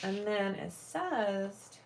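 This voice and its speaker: Slow, chatty woman sewing on a livestream. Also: mid-range voice, animated, vocal fry, background noise. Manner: thinks aloud while working, chats with viewers. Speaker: bagmaker hosting a live sewing stream. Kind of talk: casual live sewing chat.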